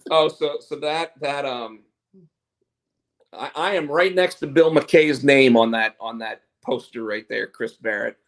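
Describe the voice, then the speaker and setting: Brief: male podcast host, gravelly mid-pitched voice, rambling animated storyteller. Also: unhurried. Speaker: podcast host and comic artist. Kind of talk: casual chat.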